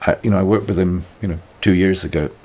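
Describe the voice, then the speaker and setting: A man's voice: deep voice, steady tone, fast, a little mellow. An older British man talking thoughtfully in an interview, wry and self-mocking, often restarting his sentences. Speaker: musician being interviewed. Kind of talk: reflective conversational interview.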